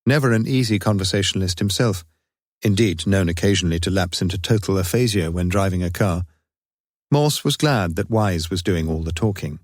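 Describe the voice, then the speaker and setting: A man narrates a crime story in a measured, even way, his voice sitting low. The recording is dry, with no room sound around him. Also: no echo. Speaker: audiobook narrator. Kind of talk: scripted narration.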